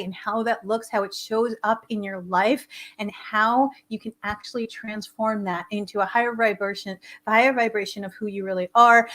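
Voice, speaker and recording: A woman hosting a live-streamed wellness talk show, her voice hoarse and scratchy, talking with enthusiastic, emphatic repetition. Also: mid-range voice. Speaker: host.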